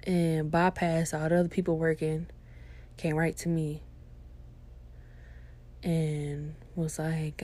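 A young woman podcast host telling a funny story in casual, slangy, profane chat, animated and laughing as she goes. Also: deep voice, measured pace, pauses often.

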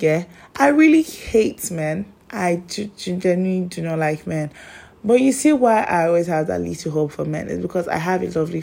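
A woman's voice: lowish voice, creaky, darkish tone. A young woman, chatting casually and telling personal stories, rambling with lots of fillers. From Nigeria.

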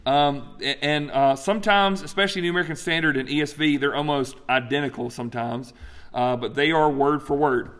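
A man preaching a teaching sermon, emphatic and animated, often stopping to restart a phrase or add "right?" His voice sits a little high for a man and rings with the long reverb of a big hall. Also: brisk. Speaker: pastor.

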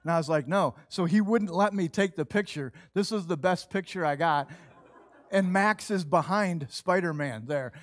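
A middle-aged man preaching a sermon, telling a lively personal story and acting out what people said. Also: high-pitched, moderate pace, dry recording. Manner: animated storytelling, acts out quoted voices. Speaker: pastor.

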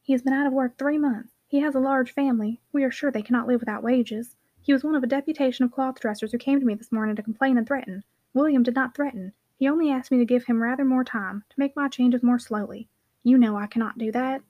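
A woman's voice: sits high, fast, no room sound, lo-fi sound. A woman reading as a firm, hard-pressed mill master. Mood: earnest.

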